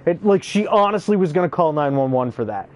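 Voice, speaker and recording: Brief: high-voiced young guy, profane, animated storyteller, casual gaming chat. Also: brisk. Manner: animated, profane, acts out quotes. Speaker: youth care worker.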